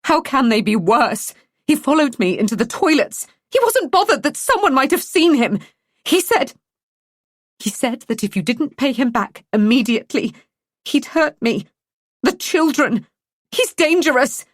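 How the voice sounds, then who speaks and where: A woman's voice: high voice, big pitch swings, a little slow, no room sound, studio quality, voice pushed up, heavily acted. A woman reading an audiobook, voicing a frightened middle-aged mother who speaks urgently with a rising, shaky voice.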